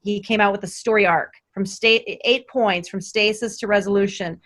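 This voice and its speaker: A woman's voice: medium pitch, steady tone, moderate pace, fairly bright tone. A woman who runs a company, speaking as a podcast guest, enthusiastic and emphatic, repeating phrases to stress her points. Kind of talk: casual podcast conversation.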